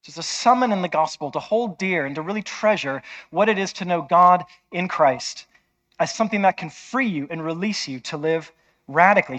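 A man's voice: fairly high pitch, fairly bright tone, lo-fi sound. A man preaching a sermon in an emphatic, conversational way, often checking with listeners.

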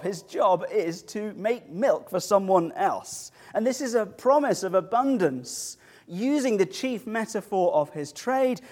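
A man preaching a sermon, humorous and animated, with storytelling asides. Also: on the high side.

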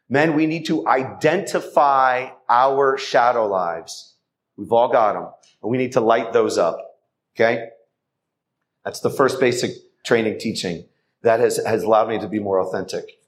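A man gives an earnest testimony at a church men's event, turning again and again to urge the men in front of him. His pitch sits in the middle, and he delivers it as a heartfelt exhortation. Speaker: speaker at a Catholic men's event. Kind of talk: testimony talk to a men's gathering. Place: church hall.

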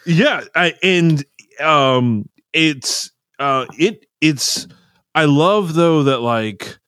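A man's voice: a little high, expressive, very slow, fairly bright tone, clean tone, no room sound, clean studio sound. A man co-hosting a casual podcast, rambling and laughing as he retells stories and quotes others. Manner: rambling, laughing, quoting others in put-on voices. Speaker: podcast co-host, live sound engineer. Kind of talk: casual chat.

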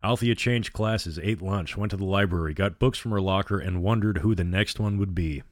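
A man narrating a storybook in a measured, even reading. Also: low voice, no room sound, studio quality.

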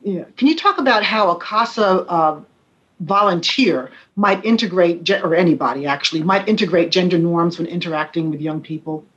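A woman's voice: lowish voice, animated, a little fast, lo-fi sound. A woman hosting an interview, friendly and affirming as she asks her questions. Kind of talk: conversational interview.

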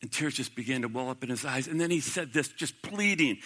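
A middle-aged man preaching a sermon, building to impassioned peaks and dropping to hushed, quiet passages. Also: medium pitch, animated, fast, hardly any pauses. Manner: impassioned, swelling to emphatic peaks then dropping to hushed quotes. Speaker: pastor.

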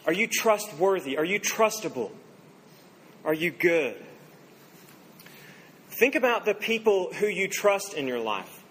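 High-voiced male pastor preaching. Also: very animated, unhurried, long pauses, a bit bright, a little hiss or hum, low-quality recording. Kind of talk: sermon.

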